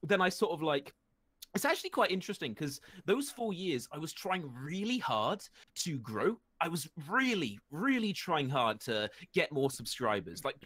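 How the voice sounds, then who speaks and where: A man's voice: a little high, sing-song, normal speed, fairly bright tone, no room sound. A British man giving a casual interview, hesitant with many ums and self-deprecating asides. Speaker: interview guest, YouTuber. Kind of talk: casual chat.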